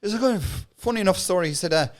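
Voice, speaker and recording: Cork comedian, high voice, lively spun-out storytelling with voices. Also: male voice, very fast. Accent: Cork Irish. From Cork, Ireland. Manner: animated, acts out voices in his stories. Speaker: guest comedian. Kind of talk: casual storytelling.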